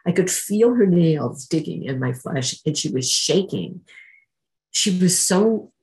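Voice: medium pitch, expressive, slow pace, a little mellow, low-quality recording. A speaker from Canada gives an emotional personal testimony at a recovery meeting, acting out remembered voices while telling the story.

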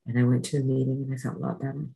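A woman's voice: a bass voice, level tone, rapid-fire, creaky, mellow, poor audio. A woman sharing her personal recovery story at a meeting, earnest and conversational, acting out the exchanges she describes.

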